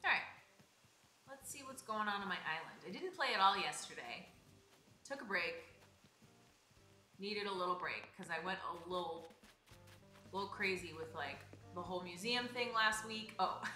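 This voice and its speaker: A woman's voice: mid-range voice, moderate pace, long pauses, sharp tone, echoey room. A young woman live-streaming a game, chatting casually and greeting viewers by name in a bubbly way. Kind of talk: casual live-stream chat while playing. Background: game music.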